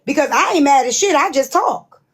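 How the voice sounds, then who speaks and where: A woman's voice: high voice, animated, a little fast, low-quality recording. A woman hosting a casual live stream, talking bluntly and profanely in a rambling way.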